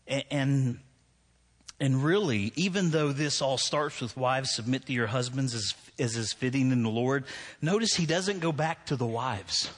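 A man in his forties preaching a sermon in a church, telling stories and acting out his own anger in loud bursts. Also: medium pitch, breathy edge. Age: 40s. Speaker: pastor.

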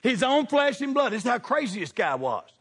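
A middle-aged man preaching a sermon, animated and throwing questions at the congregation. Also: extremely high pitch, a little fast, slightly rough, in a large hall. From United States.

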